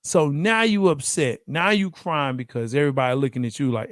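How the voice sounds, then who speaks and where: A man hosting a casual sports debate show, animated, laughing often and acting out quotes. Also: fairly high pitch, brisk, dry recording, studio quality.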